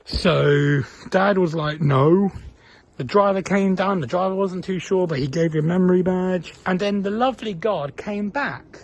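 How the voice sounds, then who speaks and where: A man's voice: high voice, moderate pace, few pauses, dry recording. A young man from England telling a story in a casual vlog, earnest and chatty, acting out the voices of the people he quotes. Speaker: vlogger.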